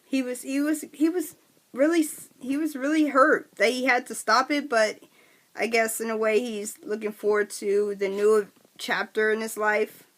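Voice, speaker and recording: A woman giving a chatty, excitable wrestling recap to her viewers, full of restarts and fillers. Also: on the high side, normal speed. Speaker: wrestling vlogger. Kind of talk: casual recap vlog.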